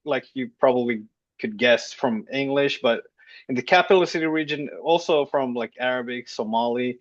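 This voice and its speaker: A man from Finland hosting a podcast, asking questions with hesitant pauses. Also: medium pitch, dry recording, dull audio. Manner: brief backchannels, hesitant questions. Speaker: podcast host. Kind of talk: casual interview conversation.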